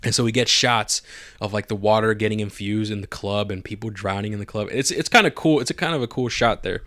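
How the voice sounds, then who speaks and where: A man on a podcast excitedly recapping a TV episode, swearing a lot and acting out the characters' lines. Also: lowish voice, a little fast, no room sound, clean studio sound. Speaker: podcast co-host. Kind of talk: casual chat recapping a TV episode.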